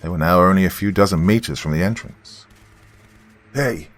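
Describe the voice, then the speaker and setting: A man with a remarkably low, bass voice narrates a first-person horror tale. His delivery is grave and measured, the way a storyteller paces a tense account. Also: no room sound. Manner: grave, measured storytelling with shouted quoted lines.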